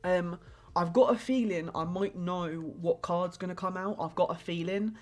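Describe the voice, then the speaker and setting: A woman's voice: fairly low pitch, normal speed. A young woman live-streaming a tarot reading in casual chat, rambling and hesitant with many filler words.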